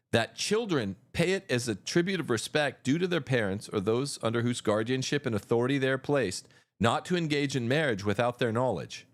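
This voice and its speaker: Male livestream host, combative and mocking, lively swinging pitch. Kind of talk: livestream commentary.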